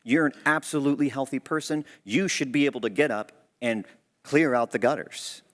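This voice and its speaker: A man's voice: medium pitch, brisk, fairly bright tone, in a large hall, pitched above the performer's own voice, close to an everyday voice. A man voicing an impatient wife who scolds her injured husband to get up. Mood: scolding.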